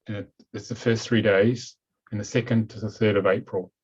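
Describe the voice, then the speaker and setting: A husky, low-voiced man from New Zealand hosts a casual webinar at a normal speed, relaxed and chatty and saying "okay" a lot. He's on a video call through a computer mic, and the audio is dull and lo-fi.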